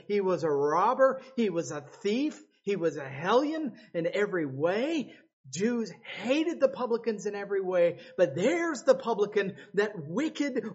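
A man preaching a sermon with passion, swinging from loud pleading cries to low hushed tones. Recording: slightly dull lo-fi sound.

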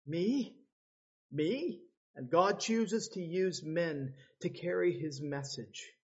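A man's voice: fairly high pitch, slow, breathy edge, highs cut off. A man preaching a sermon, dramatically acting out the voices of biblical figures as he tells the story. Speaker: pastor.

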